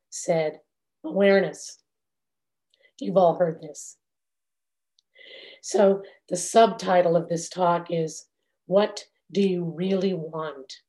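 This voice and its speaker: A woman meditation teacher giving a dharma talk in a measured, reflective way, with long pauses. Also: on the low side, mellow.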